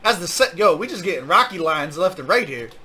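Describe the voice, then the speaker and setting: A man's voice: high voice, very animated, a little fast, sharp tone, a little hiss or hum. A man reacting to a rap battle as host, casual and hyped, heavy on slang and "like.". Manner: casual slang, hyped, says "like" and "my guy" a lot.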